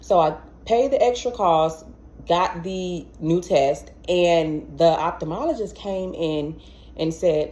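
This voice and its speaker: Young woman vlogging her story, lowish voice, lively, acts out the other voices, trips over her words a lot. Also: normal speed. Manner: animated, acts out quoted voices, stammers and repeats words. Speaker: vlogger telling a personal story. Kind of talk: casual storytelling.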